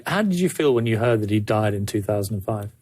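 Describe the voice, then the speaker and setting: A man hosting a TV interview, asking brisk, direct questions. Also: lowish voice, lively intonation, a little mellow.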